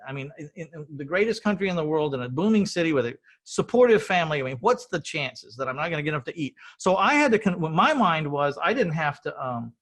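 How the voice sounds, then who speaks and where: A man's voice: a little high, expressive, fairly quick, hardly any pauses, a bit bright. A middle-aged man hosting an interview, telling his story in a rambling, earnest way and often repeating words. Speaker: podcast host.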